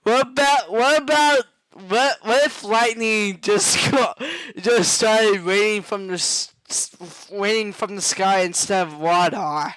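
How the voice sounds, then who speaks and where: A man's voice: sits high, slow, hardly any pauses, a bit bright, clear, resonant tone, dry recording, poor audio. A man chatting casually and laughing often. He stalls and repeats his words before he gets a question out. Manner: giggly, hesitant, repeats himself when starting a question. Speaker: person chatting with an AI chatbot. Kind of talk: casual chat.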